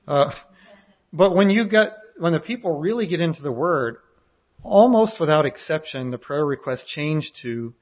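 A man's voice: fairly high pitch, expressive, moderate pace. A man who preaches in jail gives a conversational sermon, often repeating his words as he goes. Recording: dull lo-fi recording.

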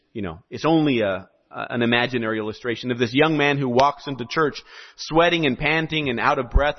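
A man preaching a sermon in an animated, conversational way with joking asides. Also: mid-range voice. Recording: dull lo-fi recording.

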